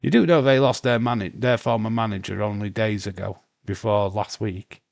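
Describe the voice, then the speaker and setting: A man's voice: lowish voice, steady tone, normal speed, creaky, no room sound. A man with a Yorkshire accent hosting a casual live watch-along stream, swearing freely, reading chat messages aloud and rambling with restarts. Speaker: livestream host.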